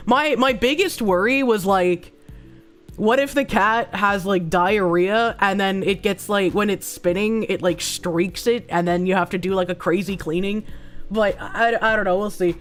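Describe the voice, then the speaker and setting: Hoarse woman streamer rambling to chat. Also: medium pitch, moderate pace, soft background music. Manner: rambling, swears freely, frequent "like" and restarts. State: hoarse, sick-sounding voice. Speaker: streamer reading chat and donations. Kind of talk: casual live-stream chat.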